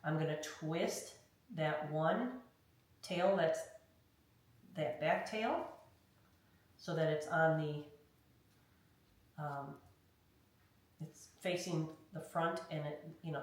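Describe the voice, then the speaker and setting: Very slowly and with frequent pauses, a low-voiced woman leads a hands-on craft tutorial, chatting through each step and often asking "okay?" The room is very echoey, the microphone distant, and a faint noise runs underneath.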